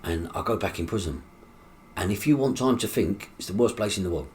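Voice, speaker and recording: A man's voice: low voice, brisk, a little hiss or hum. A middle-aged man, telling his life story in an interview. He acts out the dialogue in his story and swears freely. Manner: animated, acts out quoted dialogue with coarse swearing. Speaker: guest.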